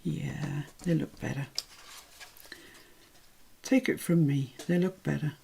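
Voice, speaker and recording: A woman's voice: sits low, slow pace, gravelly, mellow, slight background noise. An English woman hosting a live craft tutorial, chatting and thinking aloud as she works, with self-deprecating asides. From England.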